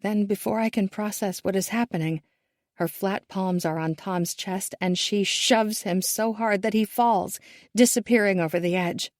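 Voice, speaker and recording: A woman narrating a first-person thriller audiobook in a measured, hushed and tense manner. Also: medium pitch, dry recording, clean studio sound.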